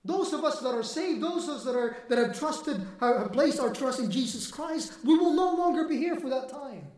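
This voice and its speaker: A man preaching a sermon with emphatic delivery that swells toward near-shouting. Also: very high-pitched, animated, normal speed, roomy sound.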